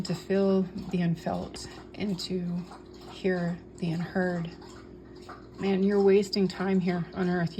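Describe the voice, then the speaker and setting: A woman's voice: medium pitch, warm tone, a little hiss or hum. A woman talking casually and earnestly about spirituality, preaching with repeated phrases and frequent restarts. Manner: speaks with many fillers and restarts. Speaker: tarot reader and spiritual vlogger.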